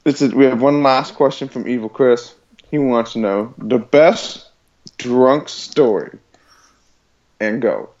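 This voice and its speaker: A man's voice: medium pitch, slow pace, darkish tone, highs cut off. A man co-hosting a casual podcast, chiming in with wry quips and reading out listener questions. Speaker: podcast co-host. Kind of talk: casual chat.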